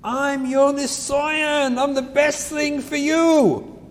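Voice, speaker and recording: A man's voice: very high voice, fairly even intonation, slow, long reverb tail, pitched above the performer's own voice. A man voicing a child who pleads and admits his own faults, in a self-deprecating way. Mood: pleading.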